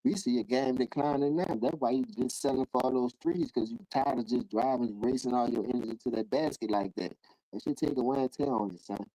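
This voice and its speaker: Profane, animated man ranting on a stream. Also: a little fast, no echo, low-quality recording. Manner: animated, profane, acts out quoted voices in sudden high bursts. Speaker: livestream host. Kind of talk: casual ranting commentary.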